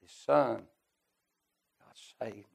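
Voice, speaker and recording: A middle-aged preacher delivers a revival-style sermon at a church service, moving fervently between quiet storytelling and shouting. He speaks very slowly in a mid-range voice that is gravelly with a breathy edge.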